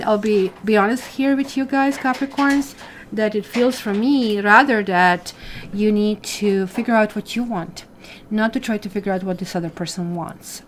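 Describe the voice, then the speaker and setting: A woman's voice: medium pitch, slight background noise. A woman giving a casual tarot reading, talking straight to her viewers in a chatty way. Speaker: tarot reader.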